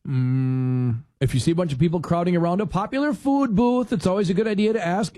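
Guy hosting a talk show, kinda high voice, rambly and animated, dry close sound. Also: fairly quick, no echo. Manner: animated storyteller who acts out quotes; rambling with restarts. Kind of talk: casual chatty monologue.

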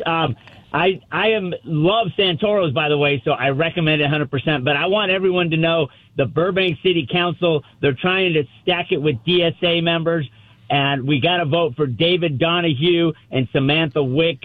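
A man's voice: fairly high pitch, normal speed, dry recording. A man calling in to a radio talk show, speaking urgently and rallying listeners. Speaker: caller. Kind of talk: phone-in call. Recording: tinny phone line.

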